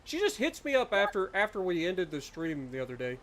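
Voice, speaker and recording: A man's voice: high voice, big pitch swings, brisk, a bit bright. A man hosting a live game stream, chatting casually and telling self-deprecating stories. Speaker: streamer host. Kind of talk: casual chat while streaming a farming game.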